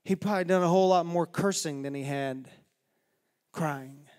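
A man's voice: a little high, normal speed, darkish tone. A male pastor preaching a sermon in a church, telling a story in a dramatic, folksy way. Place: church sanctuary. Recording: long reverb of a church hall.

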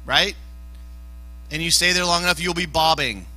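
A youth pastor preaching a loose, casual sermon at a church youth service. The man sounds animated and playful, with a high voice and a sharp, piercing brightness. He often jumps up into shouts to drive home a point. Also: moderate pace, no room sound, poor audio.

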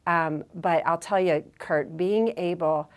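A woman being interviewed as a business executive, telling stories in a lively conversational way, often restarting and adding fillers. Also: fairly low pitch, slow pace. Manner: animated, acts out quoted dialogue, many fillers and restarts. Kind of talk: conversational storytelling.

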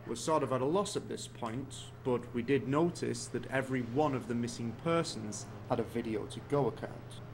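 An actor playing a calm, polite male police officer who speaks in a measured, formal way. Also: medium pitch, gravelly, noisy background, lightly acted.

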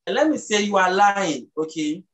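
A speaker from Ghana, patiently explaining the language as an interview guest and slowing down to sound out words. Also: medium pitch, expressive, a bit bright, low-quality recording. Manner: teacherly, slows down to sound out words.

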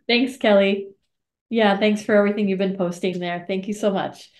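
A woman's voice: medium pitch, normal speed, a little mellow, reverberant. A woman hosting a memorial video call and introducing the speakers. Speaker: event host.

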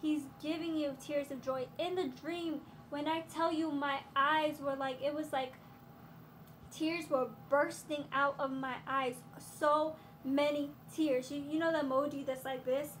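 Host, woman, high-pitched, earnest faith encouragement to camera. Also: steady tone, unhurried, slight background noise. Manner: earnest, repeats phrases, sprinkles "um" and "hallelujah"; breaks briefly into song. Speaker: host giving a prophetic encouragement. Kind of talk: casual spiritual encouragement to camera.

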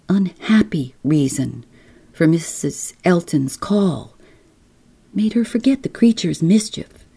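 A woman podcast host narrating a bedtime story softly and unhurriedly. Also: deep voice, creaky, breathy edge. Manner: soft, unhurried, gentle.

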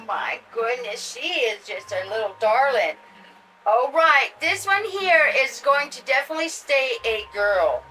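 An older woman hosts a casual unboxing vlog, gushing and chatty as she talks to her viewers. Her voice sits high and she takes her time. She sounds a little far from the mic, with soft music underneath. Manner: gushing, chatty, addresses viewers as you guys. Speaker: doll channel host.

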